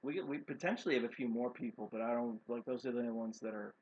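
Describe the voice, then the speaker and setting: Easygoing, enthusiastic man co-host, mid-pitched, dull stream sound. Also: fast, a little mellow. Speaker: co-owner of a role-playing stream. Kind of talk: casual chat.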